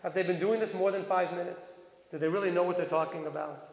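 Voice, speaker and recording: A man's voice: high voice, steady tone, quick pace. A man teaching a congregation in a sermon, reading verses aloud and asking his listeners questions in a chatty way. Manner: conversational preaching, reads verses aloud, asks the listeners questions. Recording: echoey hall.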